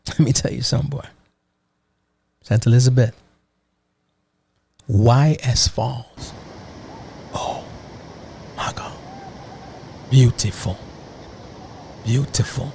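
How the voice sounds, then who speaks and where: A man's voice: mid-range voice, steady tone, takes it slowly, vocal fry, pauses often, warm tone, husky. A Jamaican man from Ocho Rios chatting casually about a trip, slipping into patois and repeating "you know what I mean". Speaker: vlogger. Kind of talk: casual travel chat.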